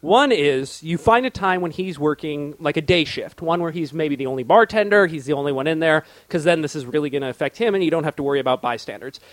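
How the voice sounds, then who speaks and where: A man's voice: a little high, fast, hardly any pauses, no echo. A man in casual comedy chat, playful and self-deprecating.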